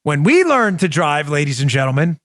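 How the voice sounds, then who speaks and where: Very animated, a forties-aged Queens man hosts his opinionated talk show at a moderate pace in a fairly high, fairly bright voice. Emphatic throughout, he keeps turning rhetorical questions on his listeners. The recording is close and dry, without echo.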